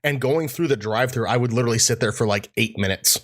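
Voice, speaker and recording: A man co-hosts a podcast in casual chat, talking fast in a mid-range, slightly bright voice. He rambles, with lots of fillers and restarts.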